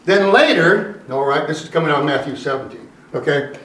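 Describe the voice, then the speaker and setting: A high-pitched male preacher delivers a sermon in a relaxed, conversational manner. He slows and climbs in pitch to hammer a point. The sound carries a roomy echo, picked up from some distance away. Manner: conversational preaching, slowing and rising for emphasis. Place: church sanctuary. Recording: echoey room, voice from a distance.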